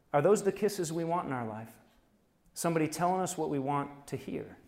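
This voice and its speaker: A man's voice: a little high, lively intonation, a little fast, gravelly, darkish tone. Man preaching in a reverberant hall. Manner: conversational preaching with rhetorical questions and chuckles. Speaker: pastor. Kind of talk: sermon.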